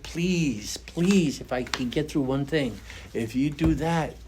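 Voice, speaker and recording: A man's voice: medium pitch, a little hiss or hum. Earnest older man sharing his testimony. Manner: earnest, conversational, acts out quoted voices. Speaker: recovery meeting speaker. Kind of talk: personal testimony to a fellowship audience. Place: meeting room with an audience.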